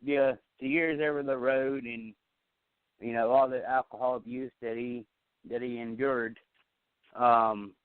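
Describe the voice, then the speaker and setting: Male co-host, smooth clear voice, hesitant and agreeable, thin phone-like sound. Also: medium pitch, level tone, measured pace, dry recording. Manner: hesitant, agreeable, many fillers. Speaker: podcast co-host. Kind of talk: casual radio talk.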